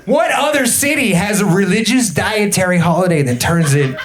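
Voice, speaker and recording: A young man doing an energetic, absurd stand-up set in a comedy club, slipping into put-on voices for the people he quotes. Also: sits high, normal speed. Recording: live club set with a laughing crowd.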